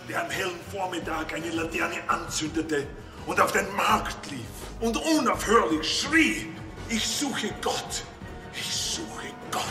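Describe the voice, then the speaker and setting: An actor playing a furious, half-mad male prisoner who bellows threats in a film scene. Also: a little high. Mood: eerie whisper. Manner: bellowing threats, then hushed preaching. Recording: echoey film audio with music.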